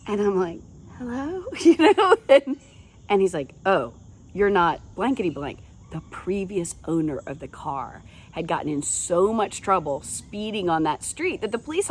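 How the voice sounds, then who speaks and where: A woman's voice: fairly high pitch, slight background noise. A middle-aged woman hosting a podcast, telling funny stories in a chatty, folksy way and laughing often. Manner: chatty, folksy address to listeners. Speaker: podcast host. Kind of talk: casual storytelling monologue.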